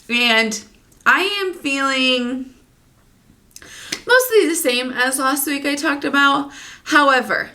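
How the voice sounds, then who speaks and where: A woman's voice: fairly high pitch, bright, forceful tone. A young woman chatting casually in a pregnancy vlog from her living room floor, rambling with lots of "like" and sounding a bit out of breath. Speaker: vlogger.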